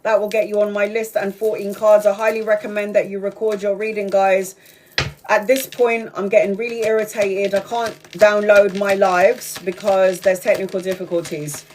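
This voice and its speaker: A woman doing a casual live-stream tarot reading, chatty and excitable, swearing freely and calling her viewers sweetheart. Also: mid-range voice, normal speed, slight background noise. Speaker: tarot reader.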